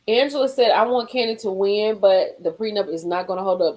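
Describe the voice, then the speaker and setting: A woman hosting a casual live stream from a car, reading gossip aloud and reacting with sudden high exclamations and low murmurs. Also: a little fast, poor audio. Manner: animated, swings into high exclaims and drops to murmurs.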